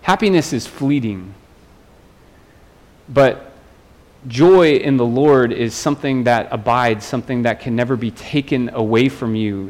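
A man, a pastor, preaching a sermon in an earnest way, often restarting and repeating phrases. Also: mid-range voice.

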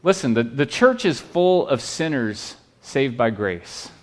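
A male pastor delivers a sermon in an earnest, pleading way. His voice sits at a middle pitch, and he often restarts phrases and checks in with the listeners with "right?". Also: very animated, takes it slowly.

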